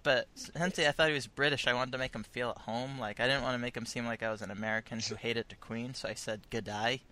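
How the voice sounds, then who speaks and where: A man's voice: medium pitch, steady tone, quick pace, sharp tone. A young man hosting a casual podcast chat, telling a rambling story and laughing often. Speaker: podcast host.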